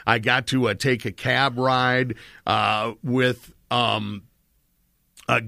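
A man's voice: mid-range voice, little pitch movement, slow pace, creaky, sharp tone, no room sound, clean studio sound. A man telling a long, rambling personal travel story in casual chat, with lots of restarts.

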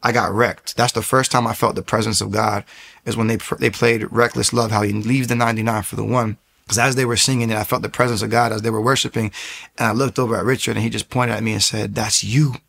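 Gravelly man telling his faith testimony. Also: fairly low pitch, fast talker. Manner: animated, acts out quotes, many fillers and restarts. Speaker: speaker giving a personal testimony. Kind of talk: personal faith testimony, storytelling.

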